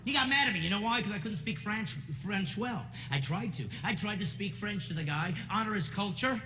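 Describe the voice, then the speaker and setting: A man doing a stand-up comedy routine, ranting loudly with exaggerated indignation, recorded live. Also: high voice, animated, brisk. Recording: live club recording with room noise.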